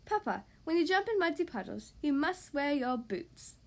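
A woman voicing a wise, gentle mother pig in a calm, patient storybook voice. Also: sits high, normal speed. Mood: instructive.

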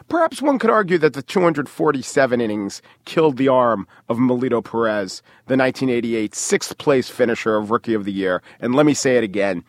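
A man co-hosting a podcast, talking in an animated, emphatic way. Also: mid-range voice, dry recording, studio quality. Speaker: podcast co-host. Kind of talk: casual chat, reading a prepared segment.

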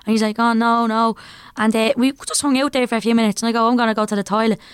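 A young Irish woman rattling through a story in loose podcast chat, her voice smooth and clear. She talks quickly, with plenty of fillers. The sound is close and dry, with no room around it. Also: a little high, no room sound. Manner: animated anecdote-telling with frequent fillers. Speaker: guest comedian.

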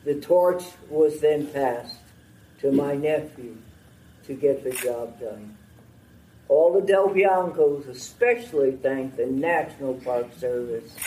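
An older man giving a formal, heartfelt prepared speech at a memorial ceremony, in a slow and measured way. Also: on the high side, darkish tone, roomy sound, far from the mic, a little hiss or hum, low-quality recording.

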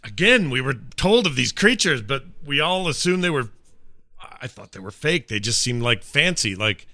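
A man playing a tabletop game, excitedly reacting and speculating. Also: mid-range voice, normal speed, no room sound, studio quality. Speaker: player.

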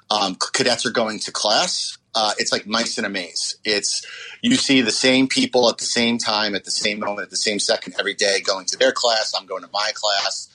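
A man in his forties recalling a hard day in an interview, often pausing and restarting with fillers. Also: on the low side, fairly even intonation, pushed and bright, poor audio. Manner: halting, many fillers and restarts. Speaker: interview guest. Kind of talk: personal recollection interview.

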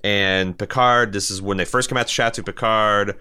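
A man's voice: fairly low pitch, normal speed, clean tone. A man co-hosting a podcast, chatting casually and profanely, acting out bits of dialogue. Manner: animated, profane, acts out quotes. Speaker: podcast co-host.

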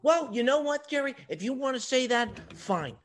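A man's voice: very high-pitched, animated, normal speed, a little hiss or hum. A man co-hosting a casual comedy podcast, lecturing his co-host in a needling, mock-serious way.

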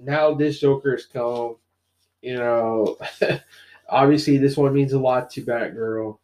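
Mellow-voiced man retelling a story. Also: medium pitch, slow. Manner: animated retelling with many fillers. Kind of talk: casual comic book discussion.

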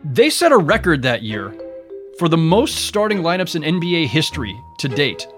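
A sports journalist being interviewed, telling stories in an animated, emphatic way. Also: male voice, a little high, normal speed, faint music behind. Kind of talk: interview recollection.

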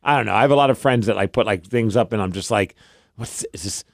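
A man's voice: fairly low pitch, racing, vocal fry, no echo, clean studio sound. A man in his thirties co-hosting a podcast, telling rambling, self-deprecating stories in casual chat. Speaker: podcast co-host.

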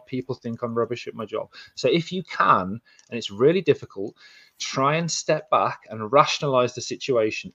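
A man's voice: mid-range voice, fairly bright tone, dry recording. Male co-host, casual and practical, recorded muffled and close. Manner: earnest, practical, restarts often. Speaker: podcast co-host. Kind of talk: casual advice podcast chat. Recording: dull, dry lo-fi sound.

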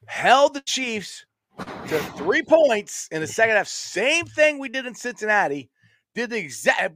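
A man talking in casual conversation, excitable and enthusiastic, laughing often. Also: high voice, dry recording, clean studio sound. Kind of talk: casual chat.

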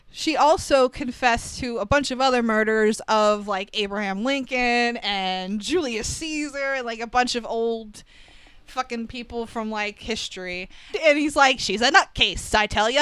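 A woman's voice: a little high, a bit bright, clean tone, no room sound. A woman co-hosting a podcast, casually recapping a film with wry asides and frequent laughter. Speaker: podcast co-host.

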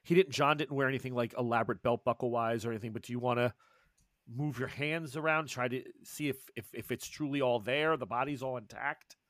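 A man running a tabletop horror game as game master, describing scenes slowly and softly. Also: mid-range voice, dry recording, studio quality. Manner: slow, hushed scene description.

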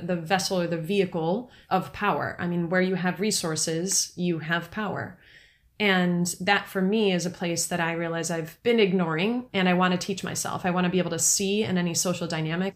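Reflective woman with a low voice. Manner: reflective, thinking aloud. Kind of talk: casual chat.

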